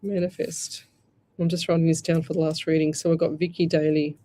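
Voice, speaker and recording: An Australian woman hosts a live radio show as a psychic medium, giving readings in a chatty, rambling manner with warm asides such as "lovey." Her voice is low and level, and she talks fairly quickly.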